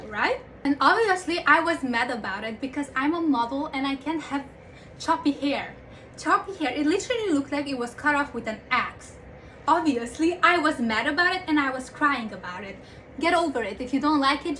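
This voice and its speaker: A young woman with a high voice rants to camera in a casual vlog. She sounds frustrated and swears freely. A faint hiss sits behind her. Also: animated, moderate pace, bright, forceful tone. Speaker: vlogger.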